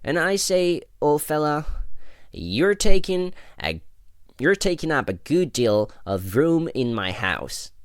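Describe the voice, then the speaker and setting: A man's voice: a little high, big pitch swings, slow pace, clear, resonant tone, no room sound, clean studio sound, voice pushed up. A man voicing a fussy, bossy male rabbit who talks sternly. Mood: cheeky.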